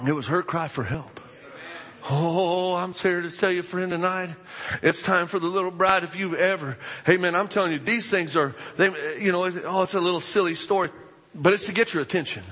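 Husky, forceful preacher in an echoey hall. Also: male voice, high-pitched, moderate pace. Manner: animated, bursts into shouts. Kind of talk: sermon storytelling. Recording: echoey hall, dull lo-fi sound.

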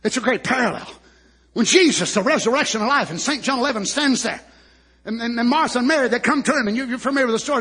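A man preaching a sermon who moves from slow, hushed storytelling to fervent shouting, repeating words and calling out hallelujah. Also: extremely high pitch, husky.

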